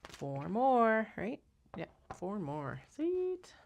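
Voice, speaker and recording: A woman with a low, gravelly voice talks her way through a sewing job on a live stream. Her pitch swings widely as she chats, wry and self-mocking, with the odd curse. It sounds like easygoing running commentary. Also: animated, moderate pace, background noise. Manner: chatty, wry, swears and laughs at herself. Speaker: sewist hosting a craft live stream. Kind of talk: casual running commentary while working.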